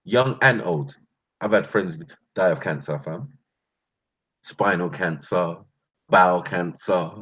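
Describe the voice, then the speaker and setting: A man's voice: deep voice, slow, pauses often, a bit bright, breathy edge, muffled recording. A man with a London accent hosting his channel, delivering a passionate rant full of street slang and calling his listeners bruv and fam. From England. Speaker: channel host.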